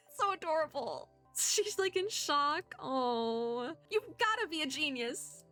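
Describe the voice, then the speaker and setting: A young woman streamer giving chatty, giggly commentary while playing a game and reading its story aloud, breaking into excited squeals. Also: sits high, a little slow, hardly any pauses, soft background music. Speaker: VTuber streamer.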